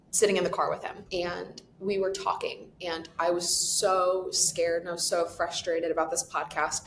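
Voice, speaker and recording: A woman with a fairly low voice talks as an interview guest. She is animated and expressive and laughs easily. Her words ring a little in a roomy, echoey space. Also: slight background noise. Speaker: podcast creator and guest. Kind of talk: conversational interview answers. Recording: echoey room.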